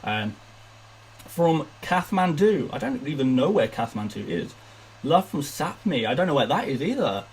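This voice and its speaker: A man's voice: mid-range voice, very animated, moderate pace, breathy edge, low-quality recording. A young man hosting a fantasy football live stream, chatting casually and reading viewer messages aloud with lots of fillers. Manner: chatty, upbeat, loose with fillers and restarts.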